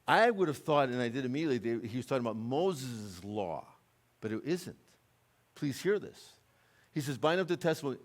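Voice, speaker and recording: An American man preaching a sermon in a church, moving between quiet conversational asides and loud, urgent climaxes. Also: very animated, fairly quick. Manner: impassioned, rising to loud urgent peaks then dropping low and conversational. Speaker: guest preacher. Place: church sanctuary.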